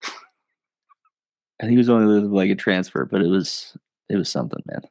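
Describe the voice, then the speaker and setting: A man, a podcast guest, telling stories in a loose, animated way, full of fillers and quick laughs. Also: on the low side, vocal fry, dry recording. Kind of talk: casual storytelling.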